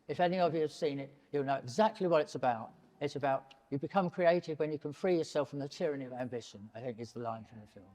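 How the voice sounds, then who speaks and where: An older man in his seventies, a painter speaking to an audience in a public talk, animated and digressive and often breaking off mid-sentence. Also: fairly high pitch. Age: 70s. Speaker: painter and prize winner, interviewee. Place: large gallery hall, in front of an audience. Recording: long hall reverb in a gallery.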